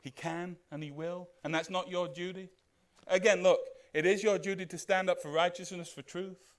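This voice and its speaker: A man preaching a sermon as pastor, animated and putting questions to the congregation. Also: high voice, normal speed.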